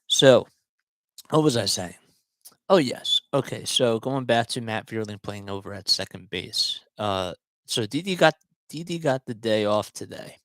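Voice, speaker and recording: A man's voice: fairly low pitch, animated, unhurried, a bit bright, dry recording. Chatty man rambling through sports commentary. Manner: rambling, chatty, often restarts and digresses. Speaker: sports talk show host. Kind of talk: casual solo sports commentary.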